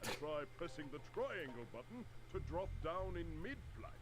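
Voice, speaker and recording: A man's voice: fairly high pitch, big pitch swings, moderate pace. An actor playing a friendly old male dragon elder in a video game, giving the player tips.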